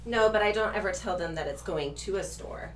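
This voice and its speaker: A woman's voice: mid-range voice, a little fast. A woman with a slight Australian accent, a guest chatting and telling stories in a friendly way. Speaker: podcast guest and vendor. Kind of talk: casual podcast chat. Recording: echoey room, distant mic, faint hum.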